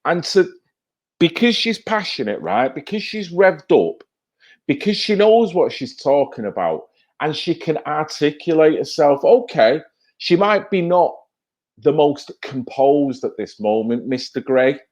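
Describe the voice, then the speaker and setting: A video commentator with a fairly high, darkish voice and big pitch swings reacts to TV clips at a measured pace, ranting heatedly and emphatically and often finishing his points with "right?".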